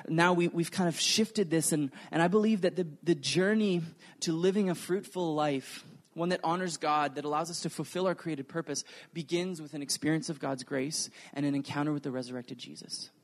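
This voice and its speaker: A man preaching a sermon, earnest and animated, acting out the quotes in his stories. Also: on the high side, normal speed. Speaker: pastor.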